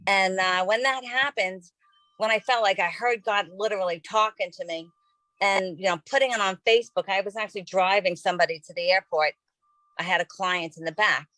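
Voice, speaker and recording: A woman's voice: mid-range voice, brisk, bright, forceful tone, no room sound, low-quality recording. A woman in her fifties, a podcast host, telling a personal story in a casual, earnest, rambling way with lots of fillers. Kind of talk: personal testimony in casual conversation.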